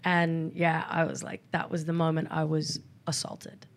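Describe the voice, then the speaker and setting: A woman's voice: low-pitched, monotone, normal speed. Woman, middle-aged, candid podcast guest, casual frank chat. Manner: candid and frank, acts out quoted exchanges.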